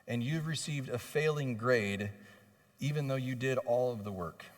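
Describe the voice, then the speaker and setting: A man preaching a sermon as pastor, passionately voicing pleading questions and building in intensity. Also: mid-range voice. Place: church sanctuary. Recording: long reverb of a church hall.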